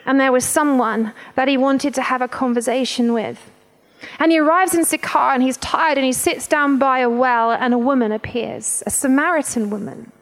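High-voiced, emotional woman preaching. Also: fairly even intonation, moderate pace. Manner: emotional, emphatic, conversational. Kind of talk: sermon.

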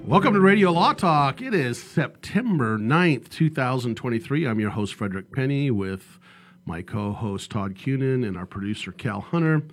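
A man hosts a radio talk show from a studio. He speaks at a mid-range pitch in a loose, joking way. He rambles, leans on fillers and stops to correct himself. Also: expressive, normal speed, faint music behind. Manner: jokey and rambling, with many fillers and self-corrections.

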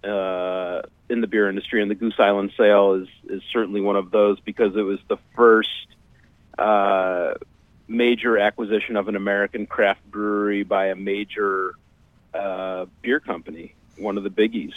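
A man being interviewed as a guest on a radio show, answering in a measured, explanatory way with many hesitant fillers. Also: lowish voice, fairly even intonation, dry recording, phone-quality sound. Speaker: guest, beer writer.

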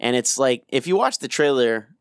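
A man's voice: mid-range voice, big pitch swings, normal speed, clean tone, no room sound, clean studio sound. A man co-hosting a podcast, telling casual stories with swearing and acting out his reactions. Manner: chatty, swearing, acts out his own reactions. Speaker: podcast co-host. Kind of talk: casual storytelling banter.

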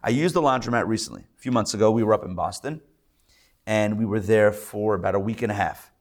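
A rabbi teaching a live class before an audience, chatty with joking asides and many fillers and restarts. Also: male voice, lowish voice, fast.

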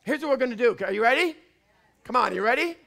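A man from Canada with a Canadian accent, preaching a fiery sermon in church and often shouting. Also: very high-pitched, animated, quick pace, vocal fry, a faint crowd. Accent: Canadian English. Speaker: pastor. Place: church before a congregation.

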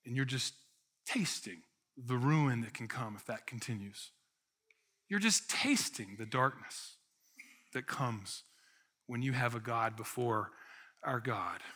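A man preaching a sermon as pastor, lively and conversational, acting out complaining voices to make his point. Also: medium pitch, takes it slowly, long pauses. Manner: animated preaching, acts out grumbling sheep in a whiny voice. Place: church sanctuary.

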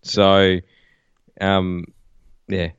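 An Australian man co-hosting a podcast, laid-back and profane, hoarse from a cold. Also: sits low, monotone, drawn-out words, dry recording, muffled recording. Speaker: podcast co-host. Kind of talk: casual podcast chat.

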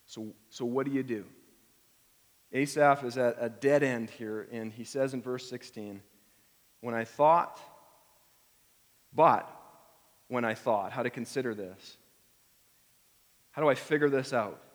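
A man's voice: mid-range voice, unhurried, pauses often. A middle-aged man preaching a conversational sermon, acting out the feelings he quotes. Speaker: pastor. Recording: long hall reverb.

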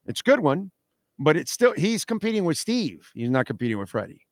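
A man's voice: a little high, sing-song, brisk, dry recording, clean studio sound. Emphatic man hosting a radio talk show. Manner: emphatic, repeats "no, no, no", reacts to chat. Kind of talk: casual opinionated radio talk. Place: radio studio.

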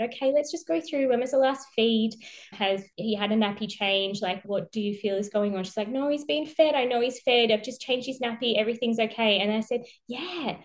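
A woman, a nurse who is a guest on a podcast, telling stories in a lively way, laughing often and acting out quotes. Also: on the high side. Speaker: perinatal mental health nurse, guest. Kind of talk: casual conversation.

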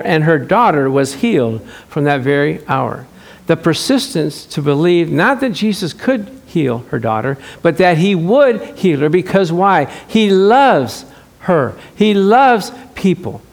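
High-voiced animated male pastor. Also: measured pace. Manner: animated storytelling, acts out quotes, laughs often. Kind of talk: sermon. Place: church.

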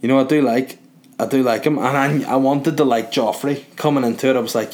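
A man's voice: medium pitch, steady tone, brisk, darkish tone. A young man from Northern Ireland with a Northern Irish accent, rambling through a crude comic monologue while relaxing in bed. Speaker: vlogger.

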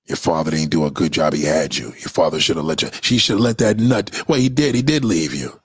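Husky man in a heated profane rant. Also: extremely low pitch, brisk. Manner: heated, profane, sing-song jabs. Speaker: vlogger. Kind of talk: ranting commentary video.

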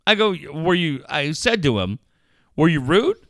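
A middle-aged man spins a crude story in casual talk. His voice sits a bit high and sounds bright and forceful, leaping up and down in pitch. The sound is dry and close, with no room around it. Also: measured pace, no room sound. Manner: animated storytelling, crude language. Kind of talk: casual chat.

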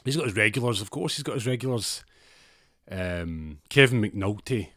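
A Scottish man telling a long, meandering comic story, wandering down side roads and laughing at his own tangents. His voice sits low and the sound is dry, with no room echo. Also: animated, normal speed, a bit bright. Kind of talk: casual anecdote.

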